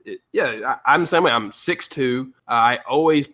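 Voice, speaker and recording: A man from Tennessee co-hosting a podcast, talking in an animated, ranting way. He swears freely and tells his stories with plenty of energy. His voice sits at an ordinary middle pitch for a man. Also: normal speed. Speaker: podcast co-host. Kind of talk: casual storytelling chat.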